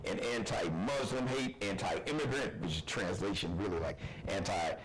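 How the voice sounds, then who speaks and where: A man's voice: deep voice, moderate pace, music in the background, low-quality recording. A man hosting a live online talk show, delivering a passionate, preachy monologue. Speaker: host.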